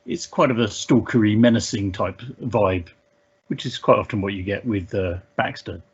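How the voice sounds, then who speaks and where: A man co-hosting a podcast, talking about songs in a dry, offhand way with plenty of halting fillers. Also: fairly low pitch, husky, lo-fi sound. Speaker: podcast co-host. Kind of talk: casual music chat.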